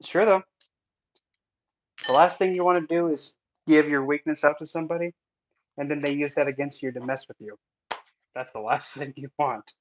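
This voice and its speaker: A man's voice: a little high, steady tone, fairly quick, highs cut off, background noise. A man chatting casually in a Q&A, rambling, joking and breaking off mid-thought, on an in-ear mic. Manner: rambling, jokey, self-interrupting. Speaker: vlogger and spiritual instructor. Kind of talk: casual Q&A chat. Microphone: in-ear headset mic.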